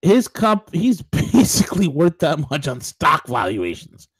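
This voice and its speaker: A man's voice: on the high side, huge pitch swings, measured pace, slightly rough, dry recording, rough recording. A man co-hosting a political talk show, ranting emphatically with rhetorical questions and frequent restarts. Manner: many restarts and fillers. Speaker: show co-host.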